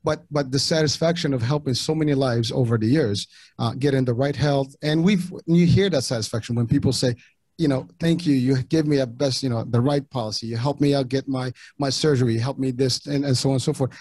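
A middle-aged Moroccan man who grew up speaking French and Arabic talks casually as a podcast guest, his sentences halting and often restarted. His voice is medium in pitch with a darkish tone, and there's no echo.

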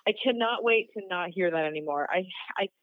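A woman's voice: lowish voice, a little fast. A woman guest in a casual podcast chat, blunt and exasperated, heard through a dull lo-fi recording. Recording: dull lo-fi sound.

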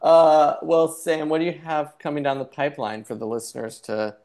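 Gravelly podcast host. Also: medium pitch, normal speed, a little mellow. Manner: laughs along, playful. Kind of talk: casual interview.

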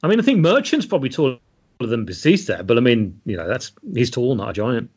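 A man's voice: mid-range voice, sing-song, a little fast, darkish tone, slightly rough. Dry-toned man, podcast co-host. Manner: reads out film facts, dry and matter-of-fact. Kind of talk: casual film podcast chat. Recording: dull lo-fi sound.

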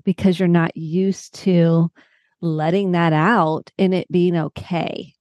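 A woman psychotherapist, a guest on a podcast, explaining her work in a lively way and acting out her clients' voices. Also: lowish voice, unhurried, no room sound. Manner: animated, acts out clients' voices. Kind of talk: conversational podcast interview.

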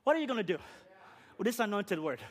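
A man preaching a fiery sermon, shouting repeated rhetorical questions and dropping to quiet low passages. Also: sing-song, fast.

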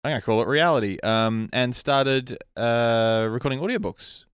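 A man hosting a casual podcast chat, rambling and animated, his voice sometimes trailing off into mutters. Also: medium pitch, normal speed, smooth, dry recording, clean studio sound. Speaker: podcast host. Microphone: studio mic.

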